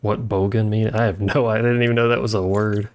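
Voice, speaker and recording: Gravelly man chatting over gameplay. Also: lowish voice, little pitch movement, brisk, a little mellow. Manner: joking, chatty, talks to chat. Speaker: streamer. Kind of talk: casual gameplay commentary. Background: faint game music.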